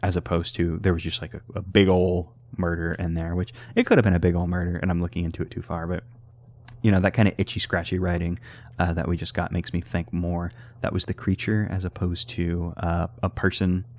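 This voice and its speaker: Low-voiced man rambling through gameplay commentary. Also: flat delivery, brisk, a little mellow. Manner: rambling, self-correcting, wry. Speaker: let's play host.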